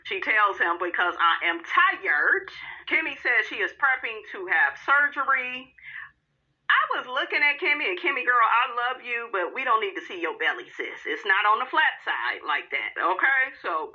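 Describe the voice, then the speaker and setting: A woman hosting a reality TV recap, sassy and animated, calling her listeners honey and girl. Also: a little high, normal speed, lo-fi sound. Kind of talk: casual recap commentary.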